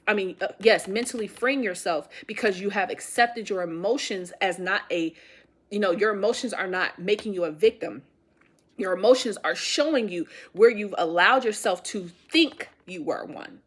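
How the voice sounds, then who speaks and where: A woman reads tarot for her viewers in a mid-pitched voice. She talks casually and emphatically, circling back to repeat her points. She speaks straight to the audience with affectionate, encouraging warmth. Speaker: tarot reader. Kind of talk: intuitive tarot reading to camera.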